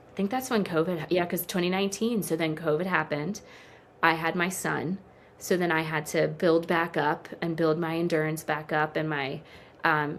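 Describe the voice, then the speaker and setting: Lower-voiced woman telling an emotional story. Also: vocal fry, a little hiss or hum. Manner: emotional, animated storyteller who acts out quoted dialogue. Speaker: podcast guest. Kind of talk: interview storytelling.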